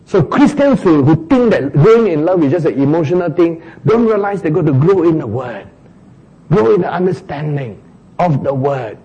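Male preacher, animated sermon delivery, husky and mellow tone. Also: a little high, normal speed, highs cut off. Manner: animated, mimics crying sounds for humor.

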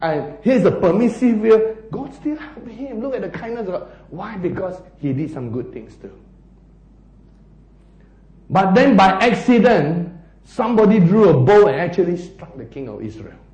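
A man preaches with a high, lively voice that swings wide in pitch. He acts out the scenes and laughs along the way. The sound carries the ring of an echoey hall. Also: moderate pace. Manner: animated, laughing, acting out scenes. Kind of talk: sermon.

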